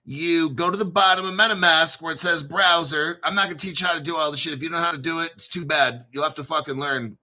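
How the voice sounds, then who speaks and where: A man's voice: a little high, bright, forceful tone. A man hosting his own crypto channel, talking in a profane, hyped and rambling casual rant with sudden bursts of emphasis.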